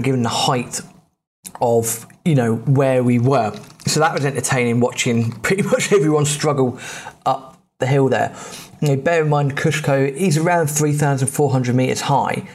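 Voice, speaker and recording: An English man, a podcast host, telling travel stories in a casual, rambling way, often stopping to correct himself. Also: fairly high pitch. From England. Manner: rambling, self-correcting, chatty.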